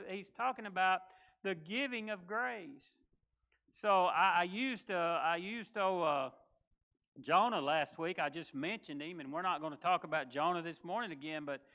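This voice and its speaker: A pastor delivers a sermon in a folksy, conversational manner. His voice sits high and sounds bright and forceful. He slips into quick acted voices when quoting people.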